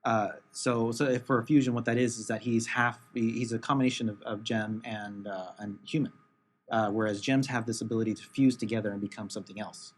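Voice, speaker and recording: A man co-hosting a podcast in casual chat, talking haltingly with many fillers and restarts. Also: lowish voice, fairly even intonation, breathy edge. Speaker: podcast co-host.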